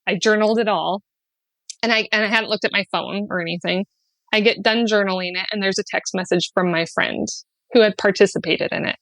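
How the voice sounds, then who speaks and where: A woman guest on a podcast telling a personal story in an earnest, heartfelt way, sliding into lively acted-out quotes and laughs, with many fillers. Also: mid-range voice, a little fast, no room sound. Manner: animated when acting out quotes, often laughing. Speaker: podcast guest, spiritual guide.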